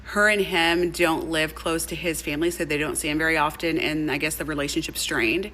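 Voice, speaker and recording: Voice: medium pitch, steady tone, fairly quick, pushed and bright, a little hiss or hum, rough recording. A speaker from a played clip retelling a story in a chatty, gossipy way. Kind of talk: casual storytime.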